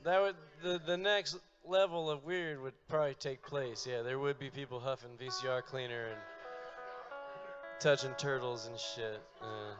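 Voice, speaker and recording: A man telling a long, profane, deadpan story on stage between songs. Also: medium pitch, normal speed, dull audio, music in the background. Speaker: comedic storyteller and musician. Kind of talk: stand-up storytelling.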